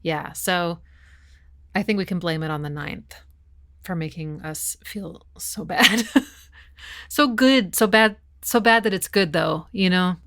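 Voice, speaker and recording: A woman's voice: fairly low pitch, a little slow, a bit bright. A woman hosting her channel, chatting enthusiastically through a music analysis and humming short snippets as she explains. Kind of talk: casual music analysis commentary.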